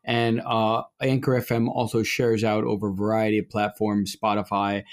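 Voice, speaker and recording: A middle-aged Orthodox priest co-hosting a podcast speaks in a lowish, level voice at a moderate pace. His casual conversational talk rambles, with many fillers and restarts.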